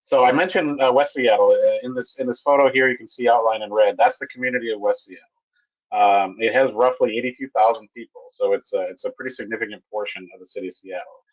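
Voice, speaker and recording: A low-pitched man presents a technical webinar, stopping and restarting his sentences often. His voice comes through a computer mic on a web call. The audio is dull and lo-fi. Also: steady tone. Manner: halting, with frequent restarts and fillers. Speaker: webinar presenter, bridge project manager.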